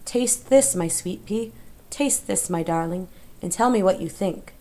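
A woman voicing a gentle, coaxing queen mother. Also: mid-range voice, unhurried, natural voice. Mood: tender. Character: tender dream queen mother. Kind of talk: audiobook character voice.

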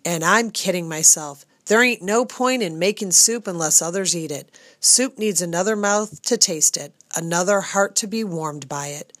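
A woman voicing a stout, middle-aged female castle cook who is gruff but kind and talks in rustic, folksy grammar. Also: fairly low pitch, moderate pace, hardly any pauses, fairly bright tone, dry recording, lightly acted. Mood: fussing.

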